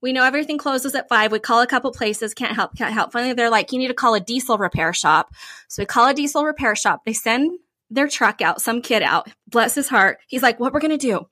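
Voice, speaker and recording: Casting: upbeat woman storyteller, bright and slightly high, dry close mic. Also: a little fast, dry recording. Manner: animated, lots of "like", playful self-praise. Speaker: podcast co-host. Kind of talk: casual storytelling chat.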